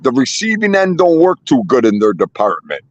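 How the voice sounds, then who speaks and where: A man's voice: mid-range voice, wildly swooping pitch, normal speed, highs cut off. A man in a casual chat, talking bluntly in an old-school way. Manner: blunt old-school talker, swears freely.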